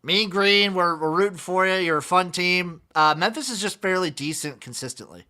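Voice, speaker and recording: A man hosting a casual sports podcast, running through scores with wry, deadpan remarks. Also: high-pitched, moderate pace. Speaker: podcast host.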